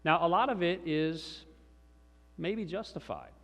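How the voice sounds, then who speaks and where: A middle-aged male pastor delivers a sermon in a chatty, story-telling manner with chuckles. His voice sits slightly high for a man. A long reverb from the large church hall trails after his words. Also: unhurried, fairly bright tone.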